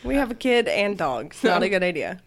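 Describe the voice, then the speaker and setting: A woman co-hosting a casual chat, reacting with quick jokes. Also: mid-range voice, big pitch swings. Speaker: podcast co-host.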